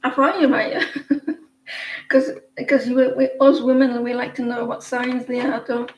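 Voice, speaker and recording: A woman's voice: a little high, fairly even intonation, a little slow, slight background noise. Chatty woman tarot reader, echoey room. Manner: rambling and chatty, with frequent restarts. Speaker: tarot reader hosting a live stream. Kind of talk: casual live-stream chat with viewers.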